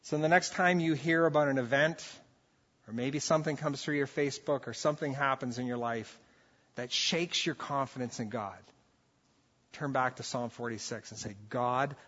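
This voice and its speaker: A man preaching a sermon as pastor, impassioned, swinging between loud urgent calls and quiet, soft-spoken moments. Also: mid-range voice, big-room sound, highs cut off.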